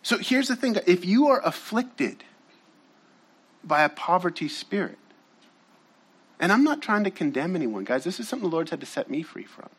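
A man preaching a sermon in an unusually high voice that swoops up and down. He talks in a loose, casual way, drifts into side stories, and often turns to speak straight to his listeners. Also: normal speed, pauses often, breathy edge. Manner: animated, casual storytelling with slangy asides to the audience. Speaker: pastor.

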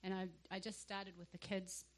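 A young woman, sharing a lively church testimony and acting out the conversations in it. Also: mid-range voice, normal speed. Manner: animated storyteller who acts out dialogue with laughter.

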